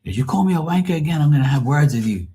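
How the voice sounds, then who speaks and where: A man voicing a bossy male foreman from Liverpool with a high, clipped manner and a Liverpool accent. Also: expressive, rapid-fire, warm tone, lightly acted. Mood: angry. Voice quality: high put-on voice, clipped British phrasing.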